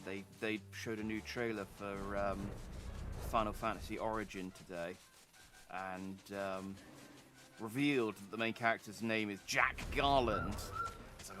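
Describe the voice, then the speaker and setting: A man's voice: on the low side, steady tone, a little slow, music in the background. A male streamer casually commenting on a game in a playful, joking way and laughing often. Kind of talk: let's play commentary.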